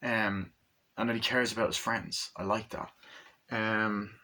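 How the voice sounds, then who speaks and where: A man's voice: lowish voice, fairly even intonation, measured pace, bright, forceful tone, a little hiss or hum. A man giving a casual, rambling movie review, swearing often and acting out scenes in funny voices. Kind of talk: casual spoken film review.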